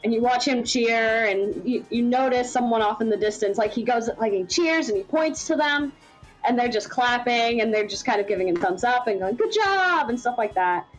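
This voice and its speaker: A woman's voice: a little high, moderate pace, soft background music, poor audio. A woman running a tabletop game as game master, narrating in a rambling way with many fillers.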